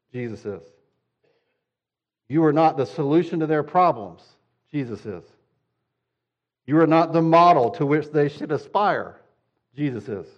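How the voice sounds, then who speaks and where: A man's voice: mid-range voice, muffled recording. A male pastor preaching a sermon, direct and conversational, using emphatic repetition.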